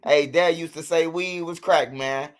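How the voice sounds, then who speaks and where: A man's voice: a little high, fairly even intonation, unhurried. Profane, rambling man chatting on stream. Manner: loose, profane storytelling. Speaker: livestream host. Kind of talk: casual livestream chat.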